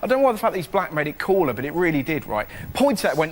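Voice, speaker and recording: A young English man, a comedian on a panel show, telling cheeky stand-up stories to a studio audience and jumping into loud character voices. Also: a little high, fast talker, few pauses, slight background noise. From England. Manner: cheeky, animated storytelling, jumps into shouted voices. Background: big laughing studio audience.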